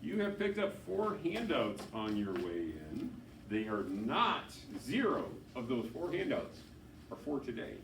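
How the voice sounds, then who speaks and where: A man's voice: medium pitch, sing-song, a little slow, creaky, noisy background. Man, co-teacher, plain repeated instructions, echoey room, distant mic. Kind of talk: classroom instruction. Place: classroom. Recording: echoey classroom, far from mic.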